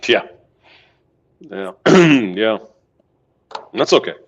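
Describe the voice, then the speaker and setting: A man's voice: on the low side, big pitch swings, drawn-out words. Chill teasing guy, average voice, muffled audio. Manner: teasing, laid-back. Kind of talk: casual chat. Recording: dull lo-fi sound.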